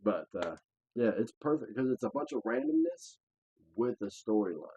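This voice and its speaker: A man's voice: fairly low pitch, very animated, moderate pace, mellow, breathy edge, rough recording. A young man hosting a casual podcast, joking loosely and swearing often. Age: young adult. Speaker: podcast host.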